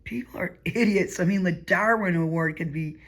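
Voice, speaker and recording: A woman's voice: lowish voice, moderate pace. Woman rambling chattily at home. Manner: chatty, digressive, laughs often, drops to a murmur. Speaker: vlogger. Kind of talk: rambling casual monologue.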